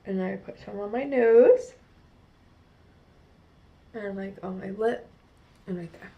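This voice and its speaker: The sound is phone-quality with a little hiss or hum as a young woman from New Jersey, speaking with a New Jersey accent, walks through her makeup at home in front of a mirror. Her mid-range voice is slow and gravelly. This beauty vlogger keeps it chatty and rambling, saying "like" a lot.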